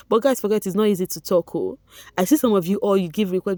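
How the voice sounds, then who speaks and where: A woman with a Nigerian accent, running an animated, chatty gossip commentary with a tired voice and bits of pidgin. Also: mid-range voice, brisk, dry recording, clean studio sound. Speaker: vlogger. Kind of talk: reality show gossip commentary.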